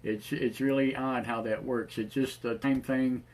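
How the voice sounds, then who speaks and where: Male talk-show host, raspy tonight, loose rambling delivery, mid pitch. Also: fairly even intonation, a little slow, darkish tone. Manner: rambling, many fillers and restarts. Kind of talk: casual live-show chat.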